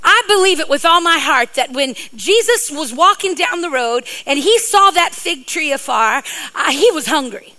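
A woman's voice: high voice, lively intonation, normal speed, sharp tone, poor audio. A middle-aged woman preacher giving a sermon, playful and joking, with rambling asides to her congregation.

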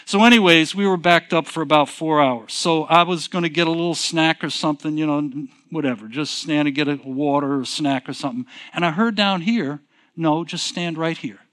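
A man's voice: on the high side, brisk, few pauses, fairly bright tone. A male pastor telling a personal story in a sermon, conversational and rambling, often restarting with "so anyways". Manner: conversational, repeats himself, frequent "so anyways" restarts.

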